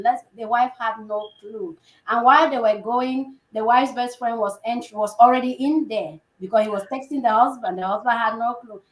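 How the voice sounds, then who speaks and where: A woman who works as a healthcare provider, telling a story in a lively conversational way and acting out the dialogue as she goes. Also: fairly high pitch, moderate pace. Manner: animated, acts out quoted dialogue. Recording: roomy echo.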